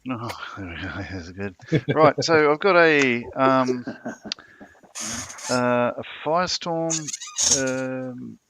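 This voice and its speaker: A man's voice: medium pitch, takes it slowly, background noise. A man hosting a casual video call chat, joking and rambling with lots of fillers. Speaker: host, model maker.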